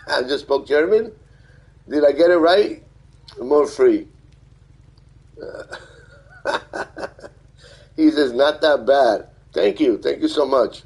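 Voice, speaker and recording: A husky-voiced man chats casually on his live stream, reading out viewer comments and thanking each one. His delivery is halting and full of fillers and restarts, and his pitch sits right in the middle. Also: poor audio. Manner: reads viewer comments aloud and thanks them warmly.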